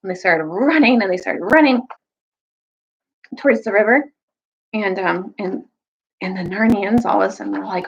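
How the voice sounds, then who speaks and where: Brief: young woman, storytime reader, lively kid-friendly delivery, slightly muffled lo-fi sound. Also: moderate pace, long pauses, breathy edge. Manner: animated, jumps high for quoted characters. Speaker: storyteller reading aloud to children. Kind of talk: casual storytime recap and read-aloud.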